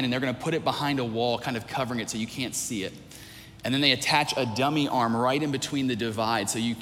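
A man's voice: mid-range voice, fairly bright tone, big-room sound, slight background noise. A man preaching a sermon in a church, earnest, building his points with repeated phrases and restarts. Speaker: pastor.

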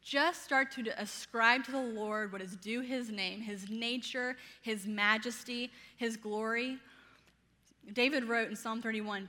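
Lively Southern woman preaching. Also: a little high, in a large hall. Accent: Southern American. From American South. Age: 30s. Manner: energetic and playful, laughs often, speaks fast. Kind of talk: sermon.

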